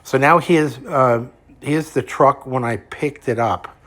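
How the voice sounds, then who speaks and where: A man's voice: medium pitch, slow, fairly bright tone. A man who is losing his voice, retelling a dispute as a fed-up customer, cursing freely and tripping over his words. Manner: heated, curses freely, stumbles and repeats. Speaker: unhappy customer. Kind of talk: casual angry retelling.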